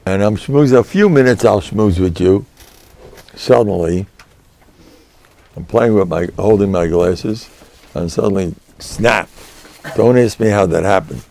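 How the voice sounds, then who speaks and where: An older man, a rabbi, telling a chatty, animated story in a lecture, dropping in Yiddish and Hebrew words. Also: on the low side, measured pace, creaky, pauses often. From United States. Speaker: rabbi giving a class.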